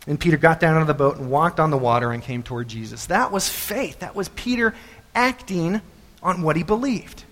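A man preaching a sermon, telling the story in an animated way and repeating phrases for emphasis. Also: fairly high pitch, fairly quick. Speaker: pastor. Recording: echoey hall.

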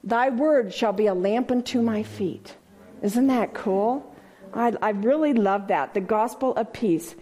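A woman pastor telling a personal testimony in an animated storytelling way, acting out the voices of people she quotes. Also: fairly high pitch, a little slow.

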